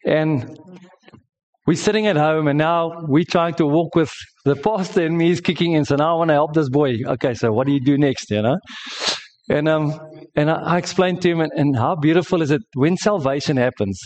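Middle-aged male pastor from South Africa, storytelling sermon, lively, fairly high voice, restarts and repeats as he goes. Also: normal speed, muffled recording. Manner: animated, with repetitions and restarts.

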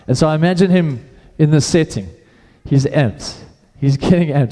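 Casual preacher in a reverberant hall. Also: male voice, on the high side, normal speed, hardly any pauses, dark tone. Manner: casual, conversational preaching with repeated restarts. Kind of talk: sermon.

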